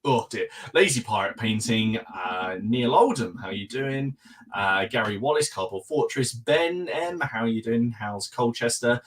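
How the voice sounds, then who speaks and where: A man's voice: mid-range voice, expressive. Man hosting a chatty live podcast. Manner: rattles through viewer names with quick asides. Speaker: podcast host. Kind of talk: live-stream chat greeting viewers.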